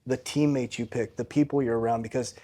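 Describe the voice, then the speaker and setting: A man's voice: medium pitch, steady tone, a little fast, warm tone. A man in his forties, a guest on a podcast, telling a personal story in an earnest, candid way and often ending lines with "right?". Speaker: podcast guest, financial coach.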